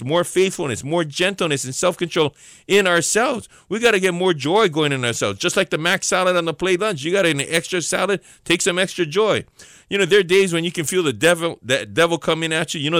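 A man preaching an informal devotional sermon, earnest and repeating key lines slowly for emphasis. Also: fairly high pitch, animated, a bit bright, dry recording, clean studio sound.

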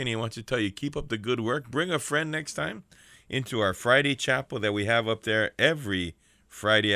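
A man hosting a prison ministry radio show, preaching fervently and calling for amens between shout-outs. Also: mid-range voice, no echo.

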